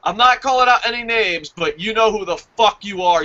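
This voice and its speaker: Excitable, foul-mouthed man ranting. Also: high-pitched, moderate pace, lo-fi sound. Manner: excitable, profane, rambling fanboy rant. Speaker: wrestling show reviewer. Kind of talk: casual chat.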